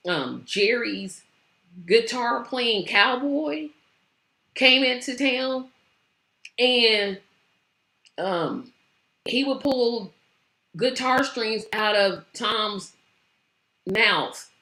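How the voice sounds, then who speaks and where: A woman hosts her own talk stream in a relaxed, meandering way, trailing off into fillers as she goes. She talks slowly and sounds worn out. Her voice carries a noticeable room echo. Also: mid-range voice. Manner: chatty, rambling with many fillers. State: tired. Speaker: show host. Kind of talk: casual livestream chat.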